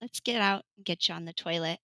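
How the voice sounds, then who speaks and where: Speaking fast in a fairly low, sharp-toned voice, a podcast guest recounts her birth story during an interview. She's a woman in her thirties from California who chats freely, laughs a lot and performs quoted lines. Audio quality is poor, with no echo.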